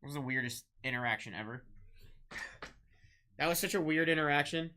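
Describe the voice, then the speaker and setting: A man hosting a live-streamed trading card break, rattling off pulled cards, shouting out big hits and bantering with chat. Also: fairly high pitch. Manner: rapid-fire calling of card names, shouting big hits; chatty, teasing banter with chat.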